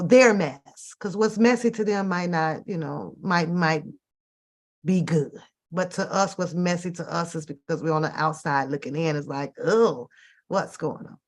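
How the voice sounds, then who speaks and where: A woman with a fairly low-pitched voice hosts a casual live stream, ranting about whatever annoys her in an animated, exasperated way with plenty of profanity. Her delivery is loose and conversational, as if talking straight to her viewers.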